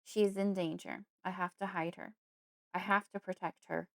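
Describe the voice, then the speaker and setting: A woman's voice: medium pitch, steady tone, moderate pace, creaky, no echo, clean studio sound, natural voice. A woman reading an audiobook, voicing a desperate, frightened father who pleads urgently.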